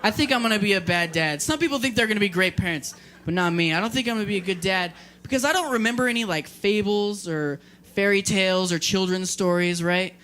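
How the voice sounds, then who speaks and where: A young man performing a stand-up comedy set at a party, animated and acting out scenes in a raised, scolding voice. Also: sits high, brisk. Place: party venue with live audience.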